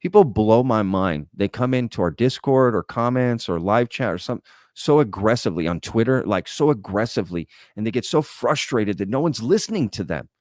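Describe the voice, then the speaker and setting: A male host reads chat comments on a live stream and answers them bluntly, in a lecturing way. His voice sits low. The sound is dry and close. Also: animated, moderate pace, a little mellow, no echo.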